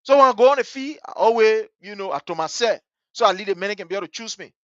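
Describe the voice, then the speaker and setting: A man with a Liberian English accent hosting a talk show. He tells a story with passion, swinging between hushed and loud. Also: high-pitched, expressive, fast, dry recording, highs cut off. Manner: vivid, story-driven. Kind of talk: animated radio commentary with storytelling.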